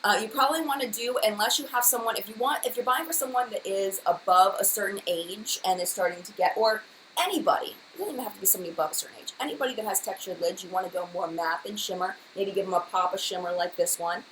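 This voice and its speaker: A woman in her thirties hosting a live stream, answering viewers in a fast, rambling, chatty way with many fillers. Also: medium pitch, a bit bright, slight background noise, low-quality recording. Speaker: beauty channel host.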